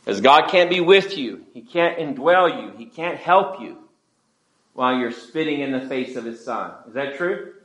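A man's voice: medium pitch, lively intonation, normal speed, a bit bright. A man preaching a sermon emphatically, calling out to the congregation for responses. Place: church. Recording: echoey church room.

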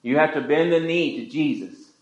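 A man's voice: on the high side, animated, normal speed, muffled recording. A man preaching a sermon emphatically, calling out to the congregation for responses. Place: church. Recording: echoey church room.

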